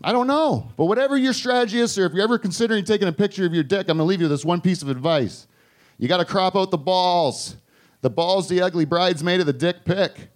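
A man doing a stand-up set with crude jokes and deadpan punchlines. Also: high-pitched, fast talker. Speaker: stand-up comedian. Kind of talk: stand-up comedy. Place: comedy bar stage.

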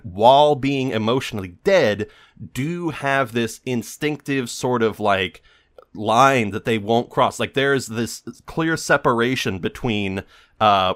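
A man's voice: medium pitch, a bit bright. Man, podcast host, rambling, sarcastic, casual monologue, filler-heavy talk.

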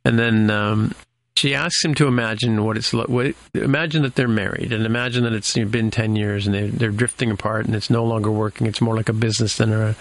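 A man's voice: on the low side, steady tone, brisk. A man casually recapping a TV episode as a podcast co-host, rambling with many fillers and restarts.

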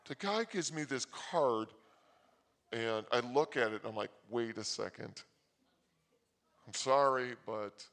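A man hosting a comedy show, telling a rambling story with loud bursts and quick asides. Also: medium pitch. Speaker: comedy host. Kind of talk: rambling comic monologue.

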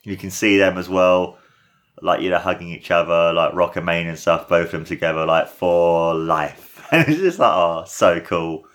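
A man with a lowish voice, hosting a casual watchalong. He gushes and gets excited, and his sentences run on with "like" and "you know". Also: normal speed. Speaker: podcast host.

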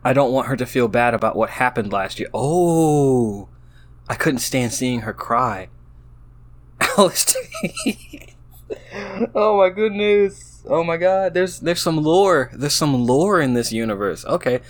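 A man with an expressive, mid-range voice reads an AI-written story aloud. His reading is slow and halting, and he keeps breaking off for amused, laughing asides about what the text says, making it a casual read-through with commentary.

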